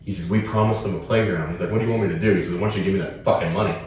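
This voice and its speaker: A man co-hosting a casual podcast, telling profane, animated stories. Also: low-pitched, very fast. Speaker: podcast co-host, wrestler. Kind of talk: casual storytelling chat. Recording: roomy echo, distant from mic.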